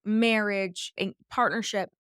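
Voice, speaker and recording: A woman's voice: mid-range voice, fairly even intonation, slow pace, fairly bright tone, clear, resonant tone, no room sound, clean studio sound. A woman hosting a podcast interview, talking in a chatty, gushing way with lots of "like" fillers. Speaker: podcast host. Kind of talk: conversational interview.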